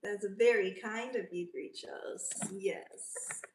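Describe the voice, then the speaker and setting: A woman's voice: medium pitch, a little slow, slight background noise. Chatty woman livestreaming from a roomy space. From South Africa. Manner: chatty, reads out and answers viewer comments. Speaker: livestream host. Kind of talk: casual livestream chat. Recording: roomy, from a distance.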